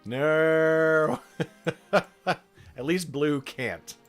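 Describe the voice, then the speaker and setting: A man streaming a strategy game live, reading out the game's text and chatting casually with his viewers in a relaxed way. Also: fairly high pitch, drawn-out words, soft background music. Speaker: streamer running a game for chat.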